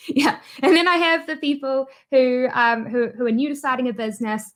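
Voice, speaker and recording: Woman, New Zealand accent, slightly high voice, chatty interview guest who laughs a lot. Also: steady tone, moderate pace. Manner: chatty, laughs often, many fillers. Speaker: guest, YouTuber. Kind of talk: casual interview chat.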